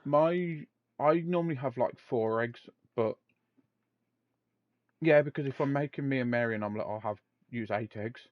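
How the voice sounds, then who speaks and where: A man's voice: mid-range voice, moderate pace, no room sound, phone-quality sound. A man hosting a casual podcast, laughing often and reading aloud from a web page, with some swearing. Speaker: podcast host. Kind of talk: casual chat.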